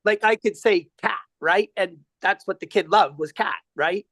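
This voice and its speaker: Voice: medium pitch, normal speed, a bit bright, no room sound. A caller asking a coach a question in a rambling, conversational way. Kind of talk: casual question.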